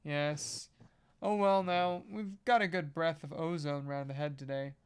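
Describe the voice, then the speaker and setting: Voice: medium pitch, steady tone, a little slow, clean tone, lightly acted. A reader with an American accent voicing a jovial middle-aged father in a novel, hearty and bantering, in close to their own voice.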